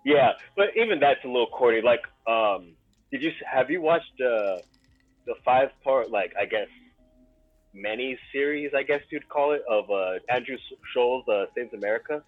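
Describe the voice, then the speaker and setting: A man's voice: mid-range voice, lively intonation, normal speed, no room sound, faint music behind. Man on a tinny phone-like line. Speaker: podcast co-host. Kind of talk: casual chat.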